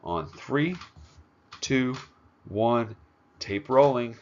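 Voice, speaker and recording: A man voicing an impatient adult male film director who gives brisk orders, in a higher voice than his narration. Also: lively intonation, highs cut off, a little hiss or hum. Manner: pushy, brisk, orders people about.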